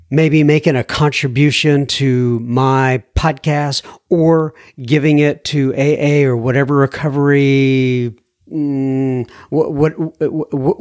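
A man hosts a podcast and reads listener messages aloud in a relaxed, unhurried way. His voice sits a bit high for a man. He often stumbles and repeats words as he begins a thought. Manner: halting, repeats words when starting sentences. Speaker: podcast host. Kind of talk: casual monologue reading listener messages.

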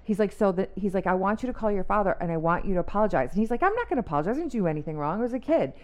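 A woman talks quickly and eagerly, telling a long story to her co-hosts. She voices the people in it as she goes and keeps the tale moving with casual asides. Her voice sits at a middling pitch. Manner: animated storyteller who acts out quotes. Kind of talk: casual chat.

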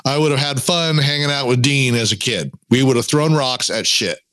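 A man co-hosting a podcast, talking in a loose, rambling way with jokes and false starts. His voice sits at an ordinary middle pitch. The sound is close and dry. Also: normal speed, fairly bright tone, no room sound. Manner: rambling, joking, many restarts. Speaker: podcast co-host. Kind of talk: casual chat.

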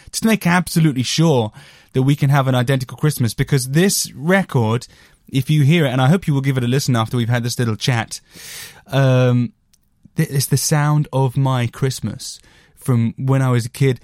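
Reviewing albums on his podcast, a man from Britain delivers a rambling, self-deprecating music monologue packed with fillers. The medium-pitched voice has a darkish tone, recorded dry in a clean studio.

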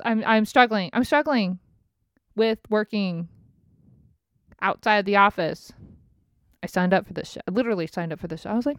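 A woman's voice: mid-range voice, moderate pace, long pauses, no echo, clean studio sound. Profane, rambling woman venting candidly. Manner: profane, frank and self-mocking; rambling, laughing through her words. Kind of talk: candid personal rant.

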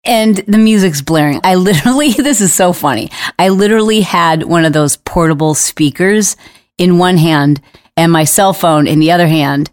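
Lively low-voiced woman podcaster. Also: no room sound, studio quality. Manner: animated, laughing as she tells a story. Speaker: podcast host. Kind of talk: casual storytelling monologue.

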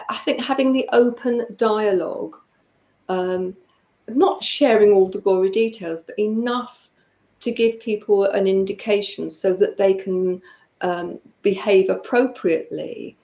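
A woman hosting a conversation, talking in a thoughtful, measured way. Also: medium pitch, mellow. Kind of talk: casual conversation. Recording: roomy echo.

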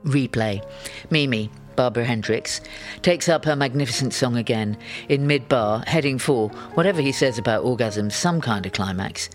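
Brief: male narrator, mid pitch, wry memoir reading with lively storytelling. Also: normal speed, few pauses, faint music behind.

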